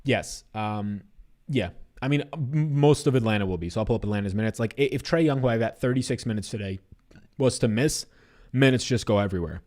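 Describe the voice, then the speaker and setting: A young man hosting a sports betting livestream, chatting loosely, reading viewer comments aloud and answering them. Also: mid-range voice. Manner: fast, animated, loose and profane.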